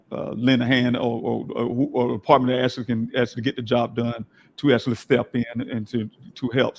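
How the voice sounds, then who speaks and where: Host for an online event: hoarse middle-aged man, halting delivery, flat pitch. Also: highs cut off, slight background noise. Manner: halting, full of fillers. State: hoarse, losing his voice. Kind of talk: virtual event hosting. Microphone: video call.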